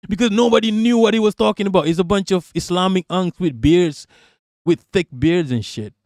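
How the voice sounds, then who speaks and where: A man's voice: high-pitched, moderate pace, darkish tone, no echo, clean studio sound. A man from Malaysia hosting a livestream, ranting casually about politics with lots of swearing and jokes, reading out chat. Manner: profane, joking, reads chat aloud. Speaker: livestream host.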